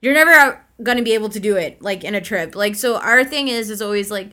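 A woman's voice: medium pitch, fast talker, pushed and bright. A young adult woman co-hosting a podcast, telling travel stories in a chatty way with lots of "like". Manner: chatty storyteller, heavy use of "like". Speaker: podcast co-host. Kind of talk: casual chat.

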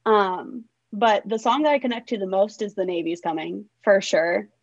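Young adult woman, interview guest, chatty and meandering, mid pitch, dry muffled recording. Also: moderate pace, no room sound. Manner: rambling, filler-heavy with frequent "like". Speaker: songwriter guest. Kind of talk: casual interview chat.

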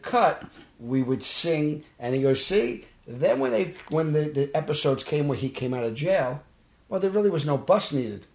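A man with a Brooklyn accent, an actor telling stories in a casual podcast interview and acting out the dialogue. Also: medium pitch. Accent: Brooklyn New York. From Brooklyn, New York. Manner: animated, acts out quoted dialogue. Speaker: actor guest. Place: podcast studio. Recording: roomy studio echo.

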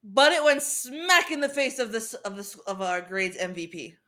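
A woman's voice: fairly high pitch, expressive, moderate pace, fairly bright tone. A young woman co-hosting a podcast, telling playful self-deprecating stories in casual chat. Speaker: podcast co-host.

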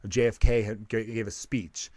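A man's voice: on the low side, flat delivery, moderate pace, darkish tone, no echo. A man who is a comedian, hosting a casual podcast chat, rambling and swearing as he trips over his own sentences. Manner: rambling, profane, self-interrupting.

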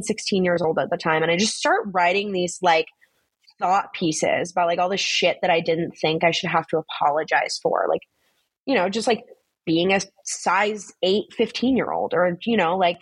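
A young woman guest telling stories in a casual podcast chat, blunt and animated, swearing freely and saying "like" constantly. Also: on the low side, husky, no echo. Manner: chatty, swears freely, fills talk with "like". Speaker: guest, social media influencer.

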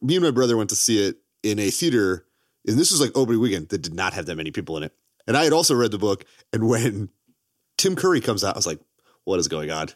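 A man's voice: fairly low pitch, fast, no room sound, studio quality. A man co-hosting a podcast, telling stories with lots of laughter in casual chat. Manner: animated storytelling, laughs often, swears.

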